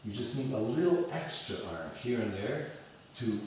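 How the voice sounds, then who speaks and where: A man teaching piano in a lecture and demo lesson before an audience, talking in an animated way and singing phrases as da da da. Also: medium pitch, normal speed. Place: large echoey hall with an audience. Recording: echoey hall from far off. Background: piano playing.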